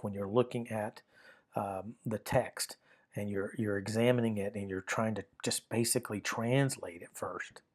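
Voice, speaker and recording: A middle-aged man teaching a grammar lesson in a patient, repetitive way, often restarting his sentences and filling pauses with "uh". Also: lowish voice. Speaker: Greek teacher. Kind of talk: recorded lesson explaining grammar.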